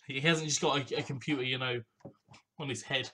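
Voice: mid-range voice, steady tone, moderate pace, sharp tone, a little hiss or hum. A let's play host giving casual, chatty game commentary, laughing often and joking at their own expense.

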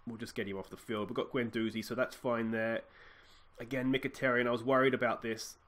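A young man with an Australian accent talks over his football management game into a desk mic. His mid-range voice rambles casually through tactics and substitutions. When a goal lands he jumps to excited shouts. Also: medium pitch, fairly quick. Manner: chatty, thinks aloud, bursts into excited shouts at goals. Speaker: let's play host. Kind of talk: casual gameplay commentary.

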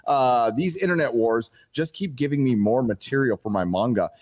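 A man hosting a live stream, reading out donations and chatting in a joking, swearing, animated way. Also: mid-range voice, normal speed. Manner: animated, joking, swearing, reads superchats aloud. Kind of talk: casual live-stream chat.

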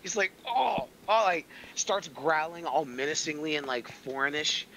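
A man streaming a game, chatting casually and spinning animated stories with swearing and laughter. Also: fairly high pitch, moderate pace, a little hiss or hum. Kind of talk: casual gaming chat. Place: home.

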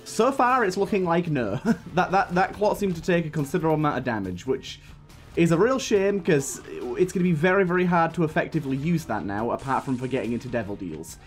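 A man's voice: fairly high pitch, lively intonation, a little fast. A young man hosting a gaming channel, rambling through a childhood story while grumbling at his run. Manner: rambling storytelling broken by frustrated outbursts at the game. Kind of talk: gaming commentary. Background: faint game music.

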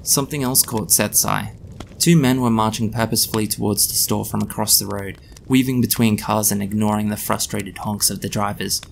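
A man reading his own story aloud in a measured, dry narration. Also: on the low side, fairly even intonation, gravelly, slight background noise.

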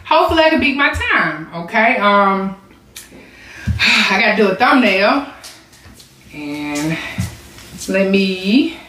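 A woman mukbang vlogger with a medium-pitched, fairly bright voice chats casually to her viewers as she sets up an eating challenge. She calls them y'all, and the room sounds echoey.

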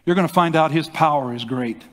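An older male pastor preaching a testimony, his somewhat raised voice ringing through a reverberant church hall. He tells the story in an animated way and acts out the voices he quotes. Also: fairly high pitch, a little fast. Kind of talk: sermon testimony.

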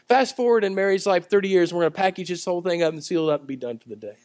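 A man preaching a sermon at a church service, telling the story in a conversational way and swinging between loud, emphatic lines and quiet ones. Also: high-pitched, rapid-fire, few pauses, no echo. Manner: conversational storytelling with acted-out voices. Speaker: pastor.

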